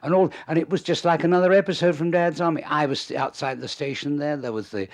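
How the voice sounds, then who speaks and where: An older man, a comedy writer and interview guest, telling lively anecdotes and chuckling at his own stories. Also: on the high side, fast. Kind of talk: anecdotal storytelling.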